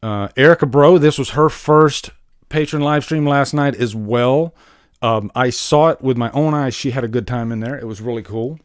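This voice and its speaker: A man hosting a live stream, chatting casually with his viewers and greeting them, excitable and wired, swearing freely. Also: medium pitch, normal speed, clean tone, no room sound, clean studio sound. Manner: talks straight to viewers, greets chat.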